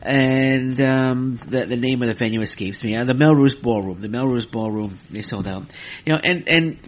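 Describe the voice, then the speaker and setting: A man's voice: mid-range voice, moderate pace, a little hiss or hum. A man hosting his own wrestling podcast, ranting in a heated, exasperated way, with many fillers and some cursing. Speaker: podcast host. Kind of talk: solo wrestling podcast rant.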